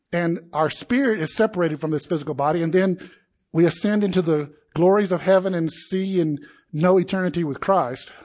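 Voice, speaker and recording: A man preaching with a raised, husky voice that sits high for a man. He is animated, jumping between his own explanation and the voices of a grumbling crowd, with sudden indignant peaks and low, hushed asides. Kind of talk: sermon.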